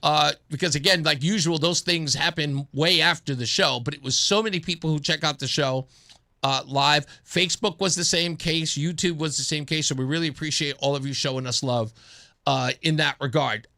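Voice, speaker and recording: A man hosting a radio talk show, chatting casually and telling stories, sometimes acting out both sides of a phone call. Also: moderate pace. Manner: animated storyteller, acts out a phone call in a low mumbling voice.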